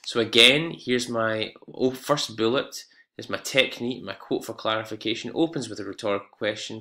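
A man's voice: lowish voice, normal speed, bright, forceful tone. A man teaching an exam-prep English lesson, explaining step by step with fillers and self-corrections.

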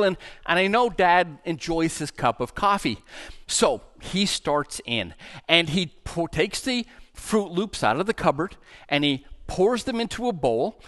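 Male pastor, middle-aged, higher-pitched, animated storyteller in a church sermon. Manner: animated, acts out voices in the story.

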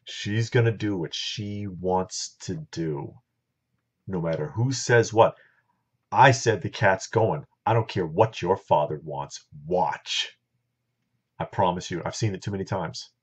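A middle-aged vlogger with a deep, husky voice tells a story straight to his viewers. His monologue is casual, blunt and opinionated, and the lo-fi recording sounds dull.

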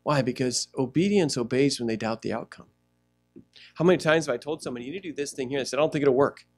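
A man pastor preaching a sermon in a church, animated, acting out little scenes as he goes. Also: mid-range voice, fast, faint music behind. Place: church sanctuary.

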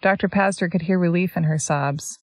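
A woman's voice: lowish voice, a little fast, no echo. A Canadian woman co-hosting a podcast in casual chat, reading passages aloud and making sarcastic asides. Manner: sarcastic, animated, often laughing. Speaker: podcast co-host.

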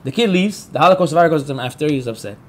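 Rabbi guy teaching a torah class, high voice that jumps all over, keeps asking the crowd stuff. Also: racing. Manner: animated storyteller, acts out quotes; talks to the room, asks the listeners. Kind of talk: Torah class talk to a live group.

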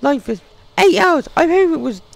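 A man squeaking as a whiny tired traveler. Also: animated, normal speed, gravelly, a little hiss or hum, full character voice. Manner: whiny, high falsetto-like. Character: weary male traveler, high put-on voice, complaining.

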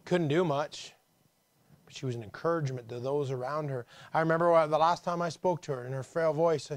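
A man preaching a conversational sermon to his church, dropping low and quiet, then rising to emphatic calls. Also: a little fast, dry recording. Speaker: pastor.

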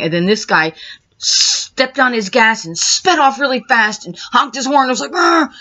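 Bright-voiced woman rambling through a story. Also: medium pitch. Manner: rambling, retraces events step by step, grows agitated. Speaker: vlogger. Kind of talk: rambling first-person account. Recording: dull lo-fi recording.

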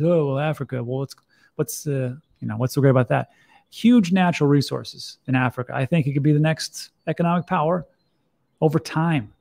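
Middle-aged guy rambling thru crypto news, gravelly voice, kinda wry and offhand. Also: a little high, a little mellow. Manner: chatty, wry asides, restarts. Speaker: crypto commentator. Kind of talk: casual commentary.

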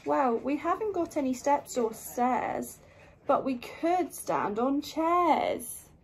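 A woman voicing an eager hare from a picture book, in a lively, emphatic read-aloud voice. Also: high-pitched, slow, creaky, slight background noise, voice pushed up, heavily acted. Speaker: storytime reader.

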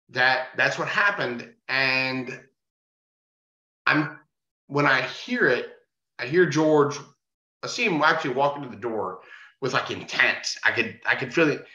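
A man's voice: mid-range voice, a little slow, long pauses, sharp tone. A man, a bouncer, telling a bar story in casual talk, swearing freely and acting out the voices of the people in it. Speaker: podcast guest, bar bouncer. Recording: roomy, dull-sounding.

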